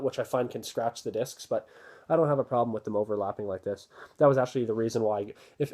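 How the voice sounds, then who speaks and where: A man casually talking through an unboxing, relaxed and rambling with many fillers. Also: mid-range voice. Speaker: video host reviewing a disc set.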